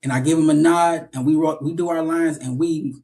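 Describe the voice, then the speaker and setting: A man's voice: fairly high pitch, fairly even intonation, a little fast, dark tone. A man being interviewed as an actor guest over a video call, telling stories in a rambling casual way with many restarts.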